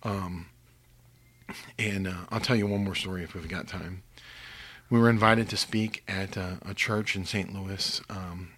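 An older man from Missouri, a guest telling faith testimony stories earnestly, sometimes dropping to a hushed whisper. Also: sits low, fairly even intonation, measured pace, husky.

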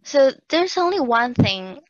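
A young woman, co-hosting a podcast in a measured, explanatory way. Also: high voice, big pitch swings, dry recording, muffled recording. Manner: measured, explains things, steers the talk. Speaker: podcast co-host. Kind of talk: casual chat.

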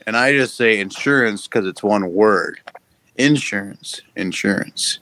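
A man's voice: lowish voice, normal speed, sharp tone, rough recording. Teasing man in podcast banter. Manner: teasing, jokey, swears freely. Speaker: podcast co-host. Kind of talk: casual chat.

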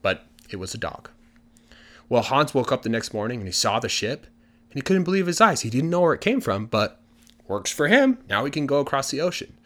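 A man's voice: mid-range voice, big pitch swings, brisk, fairly bright tone. A man telling a fairy tale in a casual, chatty way, dropping in fillers like "you know" and "like". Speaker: storyteller. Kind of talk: casual storytelling for English listening practice.

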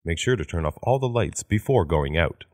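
A man with a very low voice reads each practice sentence in turn. His delivery is measured, with a wide, expressive pitch swing. The sound is close and dry. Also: no room sound. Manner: measured, repeats each sentence after the woman. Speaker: English phrase reader. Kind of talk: read-aloud of practice sentences.

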